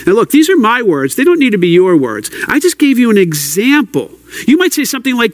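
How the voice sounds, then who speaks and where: Earnest male preacher with a high voice, pleading tone, dry recording. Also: huge pitch swings, fairly quick, hardly any pauses, dry recording. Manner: earnest, pleading, prays aloud. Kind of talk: sermon teaching.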